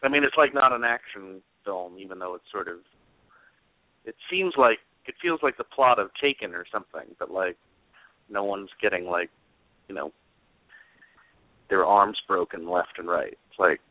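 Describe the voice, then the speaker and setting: A man's voice: deep voice, moderate pace, long pauses, no echo. A man co-reviewing a movie on a podcast, rambling and hedging with lots of "like". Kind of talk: casual movie review chat. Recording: dry phone-like sound.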